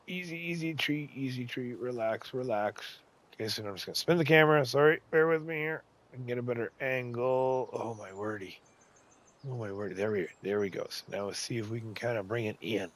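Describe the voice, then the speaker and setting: Chatty excitable man narrating a game build. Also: medium pitch. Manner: chatty, excitable, talks to himself while building. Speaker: gaming channel host. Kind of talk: casual game tutorial commentary.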